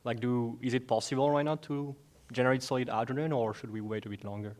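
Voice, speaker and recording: Brief: audience man, quick talker, asks his question with restarts and fillers. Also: mid-range voice, steady tone, a little mellow. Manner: rephrases himself, fillers. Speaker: audience member asking a question.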